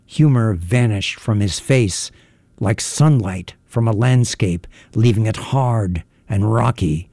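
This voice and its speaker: A man narrating an audiobook in a measured, even manner. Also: fairly low pitch, no room sound.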